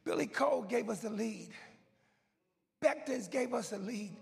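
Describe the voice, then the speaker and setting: A man preaching a sermon as he tells a story, swinging from hushed whispers to loud shouting, with a loud, goofy manner. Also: extremely high pitch, animated, unhurried, vocal fry. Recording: long hall reverb with faint music.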